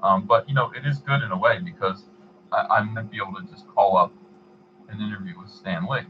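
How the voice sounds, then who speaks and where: A man with a fairly low voice hosts a livestream and chats loosely while he reads out donations. He talks in a rambling, halting way. The audio is dull and lo-fi, with a faint hiss behind him. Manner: rambling, halting, many fillers and restarts. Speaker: livestream host. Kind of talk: casual chat, reading donations.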